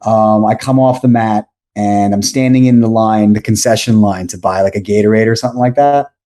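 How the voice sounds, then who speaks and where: A podcast guest in his forties, with a lowish voice and a slightly fast delivery, shares a long, rambling story. His casual storytelling is animated and full of self-corrections.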